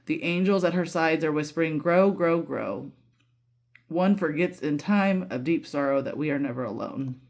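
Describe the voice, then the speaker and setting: A woman's voice: deep voice, a little fast, few pauses, darkish tone. Emotional, candid woman reading tarot. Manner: emotional, candid, swears freely, lots of fillers. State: voice breaking with emotion. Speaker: tarot reader. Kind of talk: casual tarot reading monologue.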